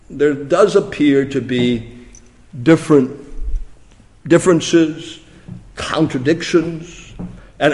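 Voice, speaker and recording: A man preaching a sermon in a slightly high voice. He drops to a hush, then rises into loud, emphatic questions. His voice trails off into a long reverb from a large hall. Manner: dramatic, swings from hushed to loud emphatic questions. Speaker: pastor.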